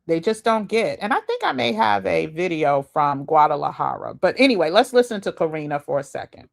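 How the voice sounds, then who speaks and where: A woman's voice: low voice, big pitch swings, brisk, gravelly. A woman host giving casual, chatty commentary with slangy asides and laughs as she reacts to videos.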